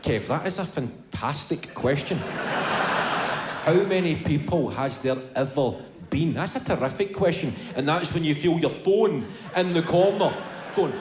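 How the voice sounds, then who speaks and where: A man's voice: a little high, expressive, measured pace, background noise. A young Scottish man performing a stand-up comedy set, swearing and rambling as he tells his story. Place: large venue before a live audience. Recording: roomy hall with loud crowd.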